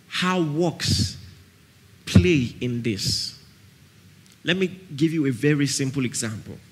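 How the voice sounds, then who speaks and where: A man's voice: fairly high pitch, a bit bright, breathy edge. A man with a Nigerian accent preaching a sermon at a camp meeting. He is emphatic, repeats key phrases and keeps asking his listeners whether they follow him.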